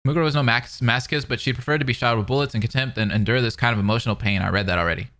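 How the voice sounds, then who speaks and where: A man's voice: mid-range voice, rapid-fire, a bit bright. A young man streaming, reading a novel aloud between rambling, filler-heavy casual chat with viewers. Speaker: streamer reacting to a fan dub.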